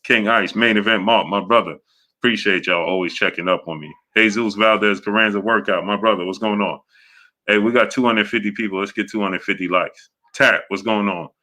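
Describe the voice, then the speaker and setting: A man with a low voice hosts a casual live stream. His tone is bright and forceful. He talks haltingly, full of fillers and restarts, and keeps greeting viewers by name. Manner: greets viewers by name in a steady run-through. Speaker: host of a boxing live stream.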